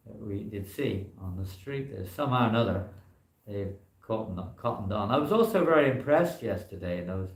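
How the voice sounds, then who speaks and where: A man's voice: lowish voice, creaky. A man, a monk, giving an informal scripture class in a temple hall, talking in a loose, rambling way full of "you know" fillers.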